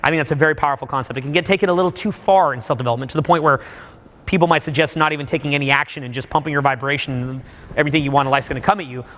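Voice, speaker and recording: A man coaching a live seminar audience, animated, suddenly bursting into loud acted-out examples. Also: fairly high pitch, rapid-fire, slight background noise. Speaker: dating coach. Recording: long hall reverb.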